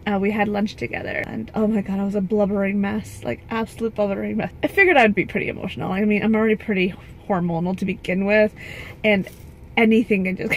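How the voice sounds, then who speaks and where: A woman's voice: mid-range voice, slight background noise. A woman chatting casually to camera in a vlog, rambling with lots of fillers, recorded on a handheld phone in a parked car. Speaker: vlogger and expectant mother.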